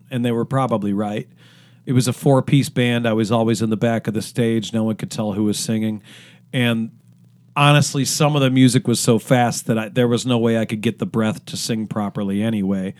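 A middle-aged man from Cleveland, a guest musician telling long stories in a casual interview, full of fillers and restarts. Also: mid-range voice. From Cleveland, Ohio. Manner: rambling with many fillers and restarts.

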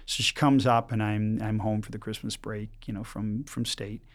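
Lively, chatty man with restarts. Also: fairly low pitch. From Michigan, United States. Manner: lively, talks in quick bursts with many restarts. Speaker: priest guest. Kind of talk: casual storytelling chat.

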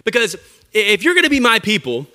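A man's voice: high-pitched, wildly swooping pitch, fast talker, bright, forceful tone, heavily acted. A man voicing God, casual and reasoning. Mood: firm. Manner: plain-spoken, reasoning, casual. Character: God as a firm, patient male father figure.

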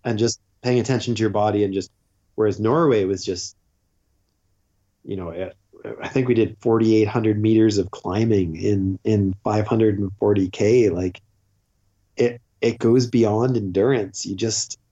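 A man who is a podcast guest, telling lively anecdotes in casual chat and swearing freely. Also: on the low side, unhurried. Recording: dull lo-fi podcast audio.

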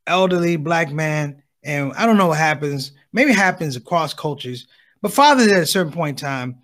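Male stand-up comic, high voice, lively swooping delivery, acts out family members. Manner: animated, acts out voices of his parents. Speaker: stand-up comedian. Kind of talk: stand-up comedy storytelling.

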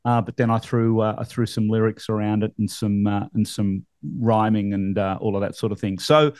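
A man's voice: on the low side, fairly even intonation, moderate pace, a little mellow, dry recording. A middle-aged man with an Australian accent, hosting a podcast in casual, rambling chat full of fillers and easy laughs. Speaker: podcast host.

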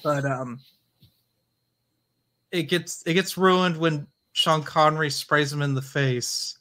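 A man's voice: a little high, fairly even intonation, slow pace, sharp tone. Blunt man reviewing a film. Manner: blunt, dismissive quips. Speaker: podcast co-host. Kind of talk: casual film review chat.

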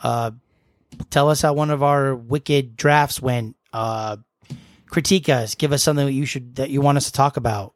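A man's voice: mid-range voice, moderate pace, dry recording, clean studio sound. A young man co-hosting a podcast, joking and rambling through the show info. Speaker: podcast co-host. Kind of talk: casual chat.

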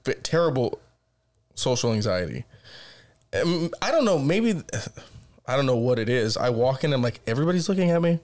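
A man's voice: medium pitch, moderate pace, long pauses. A man co-hosting a podcast, telling casual stories full of swearing and acting out both sides of each exchange. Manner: animated, swears constantly, acts out exchanges. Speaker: podcast co-host. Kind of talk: casual profane storytelling.

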